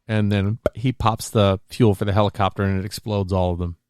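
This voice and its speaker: Animated storytelling man, smooth dry voice. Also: on the low side, fairly quick, no room sound. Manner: animated storyteller, acts out scenes. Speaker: podcast co-host. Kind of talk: casual chat.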